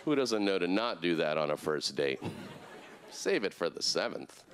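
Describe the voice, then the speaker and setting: A man in his thirties doing a deadpan stand-up set on a handheld mic. His pitch leaps and falls a lot, jumping high for quoted people. A faint hum of the room sits behind him. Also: normal speed. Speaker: stand-up comedian. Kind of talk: stand-up routine. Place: comedy club stage before a live audience.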